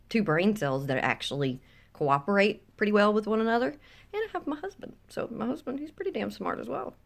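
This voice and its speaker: Outspoken Southern woman vlogger with a slightly low voice, filming on a close phone. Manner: blunt, profane, dips into whispers for emphasis. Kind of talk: blunt opinion rant to camera. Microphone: phone held close.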